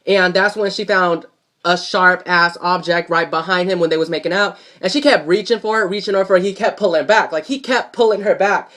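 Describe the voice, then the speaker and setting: High-voiced, excitable man recapping a soap. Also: a little fast. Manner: animated, profane, talks straight to viewers. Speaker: soap opera recap vlogger. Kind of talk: casual chat.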